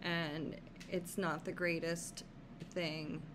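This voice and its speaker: A woman caring for her husband, shaken and worried, talking haltingly in a personal video diary with many fillers. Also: sits low, flat delivery, background noise.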